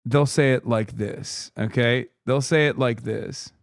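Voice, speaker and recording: A man's voice: medium pitch, a little slow, gravelly, no echo, studio quality. A man hosting a live stream, riffing sarcastically and with profanity as he reacts to a news clip.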